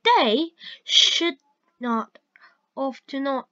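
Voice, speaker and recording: Slow, high-voiced woman teaching grammar. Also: animated, pushed and bright. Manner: reads examples aloud slowly and carefully. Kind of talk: slow grammar lesson narration. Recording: dull lo-fi recording.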